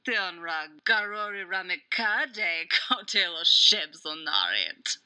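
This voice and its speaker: A woman's voice: on the low side, animated, slow pace, sharp tone, full character voice. A woman reading the part of a cocky, mocking male soldier trainer in a sing-song, taunting way.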